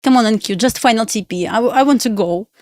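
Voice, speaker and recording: Speaking at a quick pace with a fairly high pitch, a young woman with a Russian accent chats casually on a live trading stream. She laughs often and pleads with the chart; the recording is dry and clean, studio-like.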